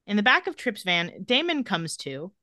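Woman podcast host recapping an episode, super animated, bright voice, dry close sound. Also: mid-range voice, no room sound. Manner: animated, laughs often, brisk scene-by-scene retelling. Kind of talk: casual chat, retelling scenes with quick quotes.

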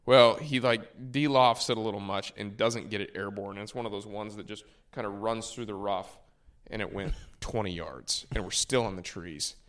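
A man with a fairly low voice tells a story at an easy pace. He rambles a little and corrects himself mid-sentence, like a caddie chatting on a podcast. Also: moderate pace, hardly any pauses. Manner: relaxed, rambling, self-correcting. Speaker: tour caddie, guest. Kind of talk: casual storytelling.

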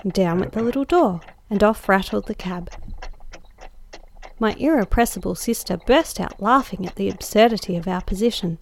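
Gravelly woman narrating a story. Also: medium pitch, a little hiss or hum. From Australia. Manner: measured, expressive storytelling. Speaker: guest host, story narrator. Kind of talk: audiobook narration.

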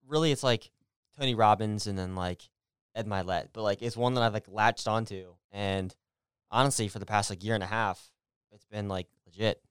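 A man in his thirties giving quiet, brief, laid-back replies as a co-host in a casual chat. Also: fairly low pitch, moderate pace, clear, resonant tone, no echo, clean studio sound. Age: 30s. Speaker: co-host partner.

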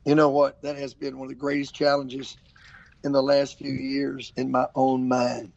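An older man, a traveling evangelist preacher, tells stories in a casual interview and animatedly acts out what people said. His voice is medium-pitched with vocal fry at a moderate pace, and the recording is lo-fi with no echo.

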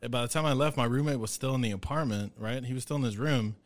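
Young male podcast co-host, mid-pitched, casual and profane, rambling storyteller. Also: fast, no room sound. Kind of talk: casual chat.

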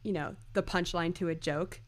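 A woman's voice: fairly low pitch, steady tone, moderate pace. A woman co-hosting a casual podcast, gushing and laughing as she quotes favorite lines. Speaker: podcast co-host.

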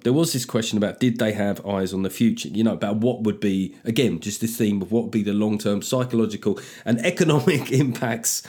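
A man's voice: fairly low pitch, brisk, hardly any pauses, darkish tone. A man hosting a comedy podcast, delivering a sardonic, sweary comic monologue.

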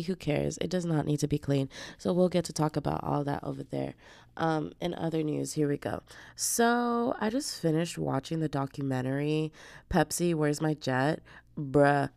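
Low, gravelly-voiced sick woman podcaster. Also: fairly even intonation, a little slow, a little mellow, no echo. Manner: chatty, slangy and profane, calls listeners babes. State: sick with flu, congested. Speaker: podcast host. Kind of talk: casual solo podcast chat.

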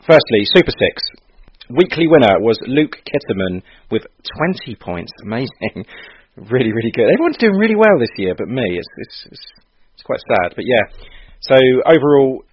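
An upbeat man hosting a casual podcast, laughing often between his lines. His voice is a little husky, and the recording is dull and lo-fi. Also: medium pitch. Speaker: podcast host. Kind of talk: casual chat.

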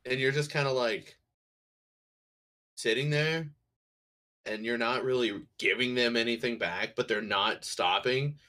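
A man's voice: medium pitch, measured pace, pauses often, sharp tone. A married man on a podcast talking bluntly and profanely in casual chat. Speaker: podcast co-host.

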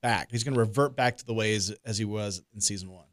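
A man co-hosting a show, chatting in a relaxed way and laughing easily. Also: lowish voice, fast talker. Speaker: radio show co-host. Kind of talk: casual chat.

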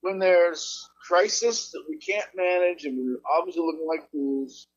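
A man's voice: sits high, normal speed, breathy edge, highs cut off. A man who is a podcast guest, agreeing readily and ranting about politics in casual chat.

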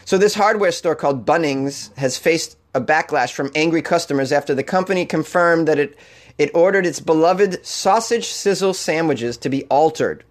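A man's voice: on the high side, moderate pace. Playful man riffing on odd news. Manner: jokey, laughs often, reads news then riffs on it. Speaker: comedy news podcast host. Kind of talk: casual comedic news reading.

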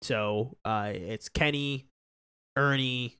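A man's voice: mid-range voice, slow pace, sharp tone, smooth. A man co-hosting a sports podcast in casual chat, easygoing, often chiming in with short agreeing replies. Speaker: podcast co-host. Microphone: podcast microphone.

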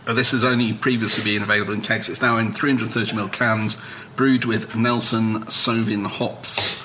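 A man with a very bright, forceful voice hosts a casual tasting chat. He reads out the details and keeps the conversation moving with questions. Faint noise sits behind him. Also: on the low side, little pitch movement, moderate pace. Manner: leads the talk with prompting questions. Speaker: podcast host.

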